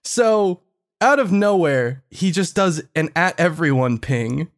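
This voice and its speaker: High-voiced teasing male host. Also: expressive, slow. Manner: teasing, sweary, exasperated. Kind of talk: casual group banter.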